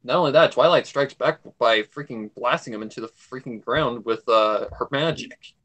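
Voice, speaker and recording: A man's voice: mid-range voice, moderate pace, a bit bright. A man hosting a casual livestream, rambling with enthusiasm about a cartoon as a devoted fan.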